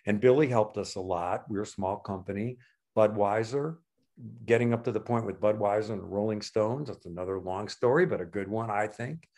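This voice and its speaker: A man in his sixties telling stories as a guest in a casual conversation, animated and acting out the people in his anecdotes. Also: fairly low pitch, a little fast. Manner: lively storyteller, acts out voices in anecdotes. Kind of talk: casual storytelling.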